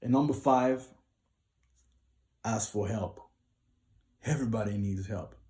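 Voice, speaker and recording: A man talks viewers through his singing advice in a relaxed, unhurried tutorial vlog. His voice sits a little low and sounds mellow and dark. He speaks to the audience directly and breaks his points into simple numbered steps. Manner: explains in short lists, addresses viewers directly. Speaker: singer giving vocal tips.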